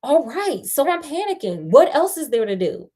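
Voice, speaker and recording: A woman's voice: sits high, very animated, normal speed, warm tone, voice pushed up. A woman reading the lines of a bewildered, upset man who has just lost his home planet. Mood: indignant. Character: frantic bewildered Englishman, the hero.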